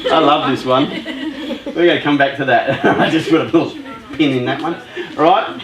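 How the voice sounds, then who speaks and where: A man giving a motivational talk to a group of young people, chatty and lively, telling stories and putting questions to the audience. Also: a little high, moderate pace, roomy sound, a crowd in the background, poor audio. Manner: lively, chatty storyteller who talks with the audience. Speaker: youth workshop speaker.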